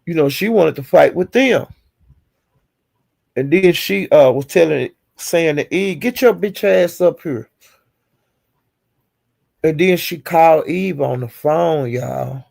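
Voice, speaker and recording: A woman streamer casually recounts some online drama in a deep, gravelly, somewhat mellow voice, taking her time. She's chatty, chuckling as she acts out the quotes.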